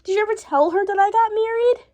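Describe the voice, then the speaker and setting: A woman's voice: extremely high pitch, fast talker, dark tone, voice pushed up. A woman voicing a panicky young married woman in a doll-play story, with dramatic, wailing lines. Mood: panicked.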